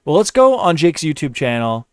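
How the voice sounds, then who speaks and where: A man's voice: fairly high pitch, big pitch swings, moderate pace, clear, resonant tone, no room sound, studio quality. A man doing live commentary while editing, muttering, repeating words under his breath and cursing in frustration. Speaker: commentary streamer.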